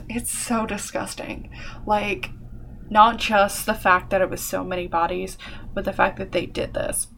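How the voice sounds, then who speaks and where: A young adult woman co-hosts a podcast, casually recounting a history story in a medium-pitched, level, slightly slow voice that is creaky and a bit bright. It's a chatty conversation packed with fillers and the odd swear word, over slight background noise.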